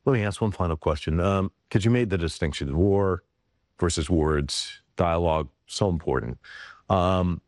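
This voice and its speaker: A man hosts a television interview, asking careful, drawn-out questions. His voice is very deep, and the recording is dry and close to the mic. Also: a little mellow, no room sound.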